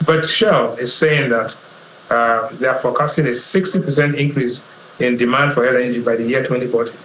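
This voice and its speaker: A middle-aged Nigerian man gives a measured economic analysis as a guest on a television business programme, working through figures in order. His voice carries a roomy echo, and the broadcast audio is slightly dull, with faint background noise. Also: medium pitch, fairly bright tone. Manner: measured, explanatory, lists figures.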